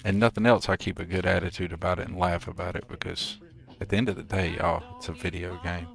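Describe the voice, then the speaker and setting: Deep-voiced man chatting laid-back over gameplay. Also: level tone, quick pace, vocal fry. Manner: laid-back, good-humored rambling to chat. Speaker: streamer. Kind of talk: casual live gameplay commentary.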